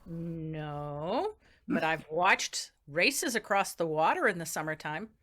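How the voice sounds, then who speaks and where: A woman's voice: deep voice, expressive, slow, fairly bright tone, full character voice. A woman improvising an eager, folksy young news reporter who fills her talk with "you know". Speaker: improv performer. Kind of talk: improvised comedy scene.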